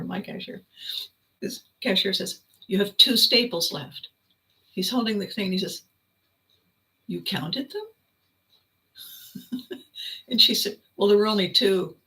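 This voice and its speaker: A woman hosting a podcast, telling a story as an animated, laughing storyteller. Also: mid-range voice, low-quality recording. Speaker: podcast host. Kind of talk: reflective storytelling monologue.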